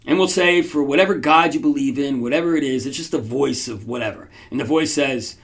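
A man's voice: mid-range voice, a little fast, few pauses. A man hosting a podcast, telling a story casually to his audience in a rambling way, with restarts and frequent checks like "right?". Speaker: podcast host.

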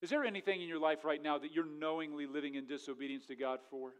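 Male pastor, somewhat higher voice, sermon delivery with big dynamic swings and scripture reading. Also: steady tone, quick pace, smooth. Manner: preaching with rising intensity, then dropping quiet; reads scripture aloud in old-fashioned wording.

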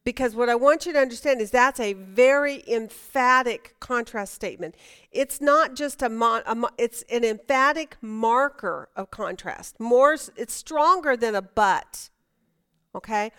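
A woman's voice: a little high, unhurried, a bit bright, clean tone. A woman teaching a Bible study class, chatty and emphatic, asking her students questions.

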